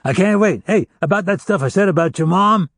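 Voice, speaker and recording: A man voicing a tough, defiant captive who answers with loud sarcasm and insults. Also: on the high side, big pitch swings, moderate pace, vocal fry, no echo, clean studio sound, voice pushed up, exaggerated voice.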